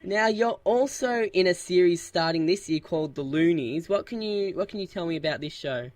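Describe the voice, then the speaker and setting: An interview host asking questions in a relaxed, jokey way. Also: medium pitch, moderate pace, no room sound.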